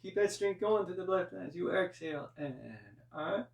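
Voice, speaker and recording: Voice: mid-range voice, normal speed, gravelly, far from the mic. A yoga teacher guiding a live class through breath and poses, with chatty asides. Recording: roomy, voice from off-mic.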